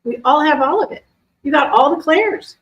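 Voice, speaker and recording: A middle-aged woman, an animal communicator, chatting casually to a live audience and answering questions in a lively, animated way. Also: sits high, normal speed, lo-fi sound, a little hiss or hum. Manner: chatty, animated, acts out quoted voices. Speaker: animal communicator and intuition teacher.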